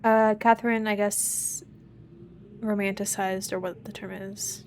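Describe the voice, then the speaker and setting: A woman's voice: mid-range voice, little pitch movement, unhurried, vocal fry, slight background noise. A young woman streaming a puzzle game, muttering to herself as she works things out aloud. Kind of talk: casual live game commentary.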